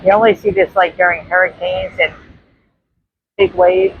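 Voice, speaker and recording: A New York vlogger walks a windy beach, filming on a handheld phone and chatting casually to her viewers as if they were friends. Her voice is on the low side with fairly even intonation at normal speed, and the audio is narrow and tinny, with faint surf and wind behind her.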